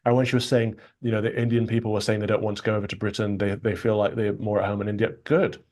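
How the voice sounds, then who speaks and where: A man's voice: on the low side, flat delivery, quick pace, darkish tone. A man as a guest in a televised interview clip, giving blunt, firm opinions. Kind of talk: TV interview commentary.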